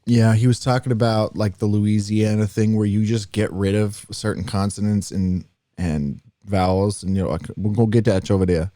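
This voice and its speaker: Brief Male podcast co-host, low mellow voice, dry close sound, rambling explainer. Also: fairly even intonation, normal speed, dry recording. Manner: rambling, demonstrates accents while explaining. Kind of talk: casual chat.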